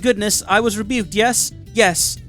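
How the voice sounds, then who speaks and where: A man's voice: high-pitched, fairly even intonation, measured pace, a bit bright, soft background music. A man voicing a fussy male alien researcher who speaks stiffly and formally, ending his remarks with little tag questions. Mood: prim, inquisitive.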